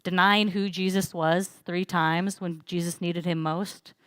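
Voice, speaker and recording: Young female pastor, low-pitched, chatty sermon delivery, dry close sound. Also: fairly even intonation, measured pace, fairly bright tone, clean tone, dry recording. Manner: conversational, storytelling with frequent fillers. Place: church.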